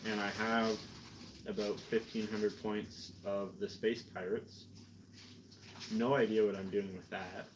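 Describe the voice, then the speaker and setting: A slightly drunk Canadian man paints miniatures on stream and talks in a meandering, self-deprecating way. He speaks slowly in a flat, lowish voice over background noise.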